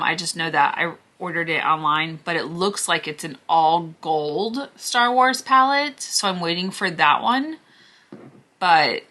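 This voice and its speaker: With a medium-pitched voice, a beauty vlogger casually talks through decluttering her makeup. She gushes, occasionally lowers to a hushed near-whisper, and sounds hoarse as her voice gives out.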